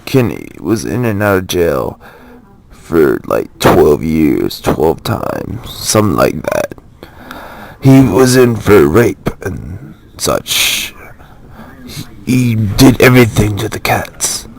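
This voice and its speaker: A man doing a slow, gravelly mock-documentary narrator. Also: low-pitched, sing-song, exaggerated voice, rough recording. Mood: mock-serious.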